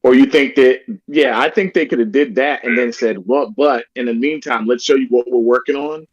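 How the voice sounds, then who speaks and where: A man's voice: medium pitch, fairly even intonation, normal speed, dry recording. Man chatting on a dull, dry line. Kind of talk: casual gaming chat.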